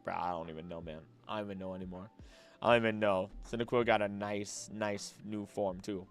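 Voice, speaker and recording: A man's voice: lowish voice, steady tone, fairly quick, smooth, faint music behind. Rambling man chatting on a late-night stream. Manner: rambling, easily distracted, musing aloud with many restarts.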